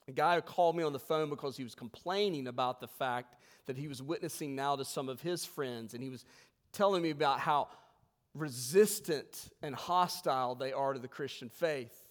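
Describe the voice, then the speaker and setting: A man preaching a sermon to his congregation, emphatic, swelling loud and then dropping low. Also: moderate pace, big-room sound. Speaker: pastor. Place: church sanctuary.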